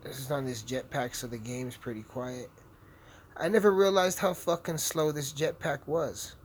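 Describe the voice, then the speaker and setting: A man's voice: mid-range voice, fairly even intonation, moderate pace, a little hiss or hum. A young man hosting a podcast, rambling brashly and swearing constantly while he plays a game. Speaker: podcast host. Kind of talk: casual profane monologue while gaming.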